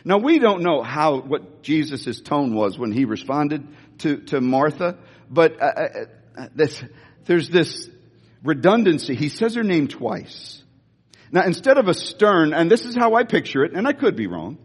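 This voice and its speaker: A man preaching a sermon in an emphatic, animated way, often restarting phrases, recorded with long reverb in a big hall. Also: on the high side, measured pace, breathy edge.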